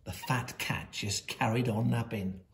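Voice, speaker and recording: A woman reading a children's picture book aloud at a school, with lively, dramatic delivery and slow pauses. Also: very deep voice, heavy background noise. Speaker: school storyteller.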